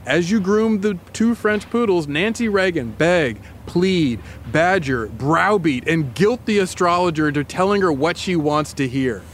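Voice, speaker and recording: A man's voice: high-pitched, animated, measured pace, few pauses, a little hiss or hum. A male podcast host telling a dramatic story to his co-host in the second person. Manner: dramatic, builds scenes.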